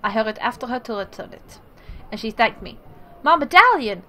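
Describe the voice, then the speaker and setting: A woman's voice: mid-range voice, steady tone, a little fast, slight background noise, rough recording. Woman casually reading game text aloud. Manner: casual, self-deprecating asides.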